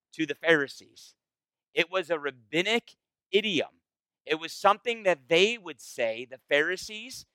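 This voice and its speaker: Pastor, male, chatty and animated teaching voice, dry close sound. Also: on the high side, clear, resonant tone, no room sound, low-quality recording. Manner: animated, conversational, acts out quoted voices. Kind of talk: casual Bible-study sermon.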